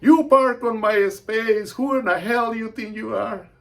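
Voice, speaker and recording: A man voicing a hostile woman neighbor who yells and threatens, within a told story. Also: on the high side, moderate pace, creaky, voice pushed up. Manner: aggressive, yelling. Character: hostile woman neighbor yelling through a door.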